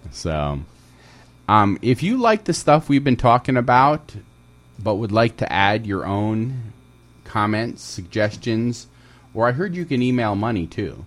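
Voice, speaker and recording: A man's voice: on the low side, very animated, unhurried. A man co-hosting a community radio show in casual chat, joking and reading out listings. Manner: jokey, laughs often, reads listings. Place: radio studio.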